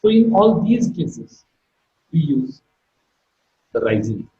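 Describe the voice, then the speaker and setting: A man gives a recorded online phonetics lecture, talking deliberately and repeating key terms as he explains each point. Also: on the high side, sing-song, warm tone, a little hiss or hum. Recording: echoey room, dull lo-fi sound.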